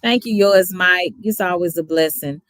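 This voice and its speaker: A woman's voice: fairly low pitch, moderate pace, no room sound, clean studio sound. A woman from Dallas with a Texas accent, sleepy and chatty, rambling as she thanks her livestream viewers by name. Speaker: YouTube reaction streamer. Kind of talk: casual livestream sign-off.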